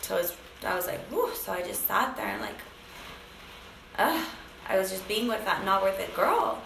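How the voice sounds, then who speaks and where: A woman's voice: mid-range voice, fast talker, gravelly, fairly bright tone, roomy sound, slight background noise, low-quality recording. A woman sharing an emotional personal story, acting out phone calls with many fillers. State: briefly tearful.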